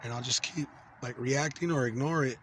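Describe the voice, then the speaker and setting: A man in his forties vents to camera in an unscripted monologue, swearing freely and stumbling through fillers and restarts. His voice sits at an ordinary male pitch. A faint background noise runs under him. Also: normal speed, a bit bright. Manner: angry, profane, rambling with many fillers. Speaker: vlogger.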